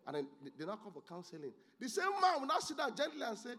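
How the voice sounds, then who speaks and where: A man preaching a sermon as pastor, moving from low, quiet asides to loud, excited exclamations. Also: fast, vocal fry.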